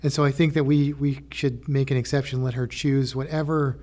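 A man's voice: mid-range voice, little pitch movement, brisk, a little mellow. A man co-hosting a podcast who talks in a jokey, playful way. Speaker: podcast co-host. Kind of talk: casual chat.

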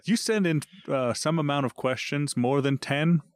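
A man's voice: fairly high pitch, moderate pace, no room sound. A man hosting a podcast in casual chat, telling stories and joking. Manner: joking, storytelling. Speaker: podcast host. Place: basement room.

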